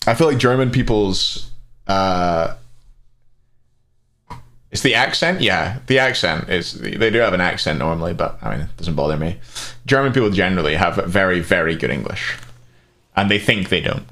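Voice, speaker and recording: This is casual live-stream commentary from a man casting an esports match, who rambles between plays and answers chat's questions aloud. His voice is low, animated and a bit bright, at a moderate pace.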